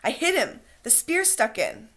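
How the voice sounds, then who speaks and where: An eager, boastful schoolboy who talks himself up, insistent and keen to be believed, as a woman reading the book aloud puts him on. Lifted and lively, in a plain read-aloud storybook voice. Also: a little high, unhurried, breathy edge, voice pushed up, exaggerated voice. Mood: excited.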